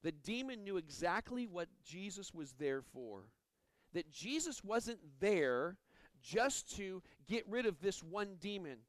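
High-voiced man preaching, dry close sound. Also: sing-song, slow pace, dry recording, poor audio. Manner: earnest, stumbles and repeats words. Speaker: pastor. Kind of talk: sermon.

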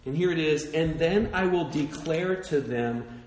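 A man with a fairly high voice delivers a sermon in an echoey room. He swings from hushed, low passages up to loud, ringing appeals. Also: unhurried. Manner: dynamic preaching, soft and low in hushed passages, rising to near-shouts. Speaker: pastor.

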